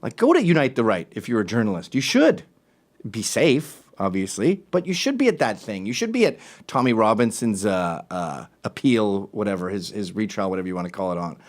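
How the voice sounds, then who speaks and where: A man hosting a talk show, ranting in an animated, sarcastic way, jumping between loud remarks and muttered asides. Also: lowish voice, a little fast. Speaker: show host. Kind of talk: opinionated talk-show rant.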